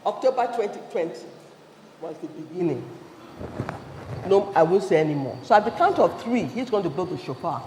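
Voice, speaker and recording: A man with a Nigerian English accent gives a rousing conference address in a high, lively voice that swoops up and down. He fires questions at the crowd. His voice rings with the long reverb of a large hall, over a faint ambient hum. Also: moderate pace, pauses often. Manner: fiery, fires questions at the audience. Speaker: conference speaker.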